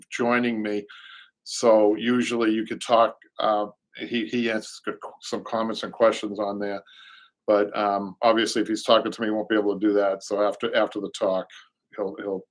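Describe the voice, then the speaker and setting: A middle-aged man with a Boston accent hosts a live show in casual chat, rambling and reading viewer comments aloud. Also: lowish voice. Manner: rambling, repeats words, reads comments aloud. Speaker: show host, upholsterer.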